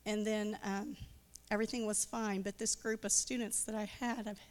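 A woman's voice: medium pitch, little pitch movement, normal speed, big-room sound. A woman giving a testimony at church, hesitant and full of fillers.

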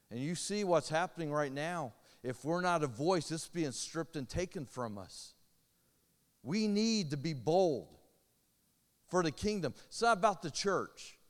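A middle-aged man from Indiana preaching, sharing his testimony in an earnest, urgent way. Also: fairly high pitch. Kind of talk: sermon testimony. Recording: long reverb of a large hall.

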